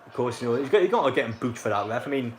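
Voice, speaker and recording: Very fast and animated, a young man with a medium-pitched voice commentates a football match live. He's from North East England and chats to viewers in a rambling, filler-packed way, reacting to what the chat says.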